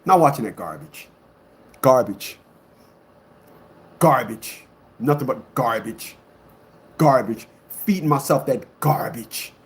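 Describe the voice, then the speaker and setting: Pausing often and speaking slowly yet animatedly, a male online commentator gives a blunt, emphatic monologue to a live audience. His speech is repetitive, veering from loud outbursts down to low muttering.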